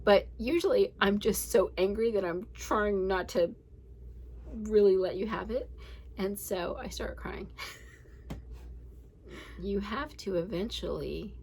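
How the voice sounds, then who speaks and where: A woman's voice: mid-range voice, slow, long pauses, a little mellow, slight background noise, low-quality recording. A candid woman in her forties who hosts a daily reading podcast, talking in a casual, reflective, rambling way with laughs. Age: 40s.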